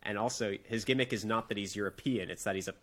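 Man, low voice, blunt, swears casually, podcast co-host. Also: fast, fairly bright tone. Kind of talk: casual chat.

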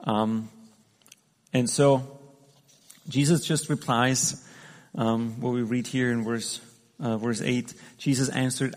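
A man's voice: mid-range voice, fairly even intonation, slow, long pauses. A man giving a conversational sermon, talking through the scripture with frequent restarts and fillers. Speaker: preacher. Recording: long hall reverb.

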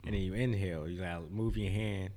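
A man's voice: low-pitched, fairly even intonation, fast, warm tone. A young man, a podcast guest, rambling through stories and laughing through his words. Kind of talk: casual chat.

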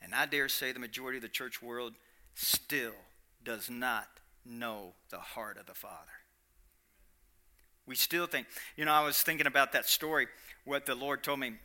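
A man's voice: medium pitch, normal speed, bright, forceful tone. A man preaching a sermon, emphatic, repeating his lines and quizzing the congregation. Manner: emphatic, repeats lines, asks the audience questions.

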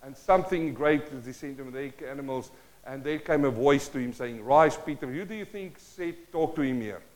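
A pastor preaches a sermon, reading scripture aloud with loud, emphatic bursts and dropping into quiet asides, often thinking aloud and restarting. He has a medium pitch and speaks at normal speed.

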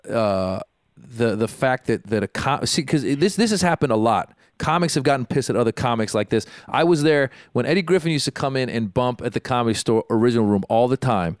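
Man, comedian, casual podcast chat, rambling stories, middle pitch, dry close sound. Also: smooth, no echo. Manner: rambling, storytelling with many restarts.

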